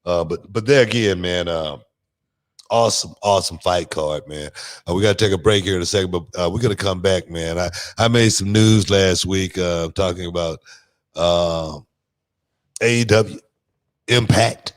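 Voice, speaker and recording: A man's voice: low-pitched, moderate pace. Loose, rambling male podcast host. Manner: loose, filler-heavy, drawling delivery; lively, animated when telling stories. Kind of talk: casual chat and storytelling.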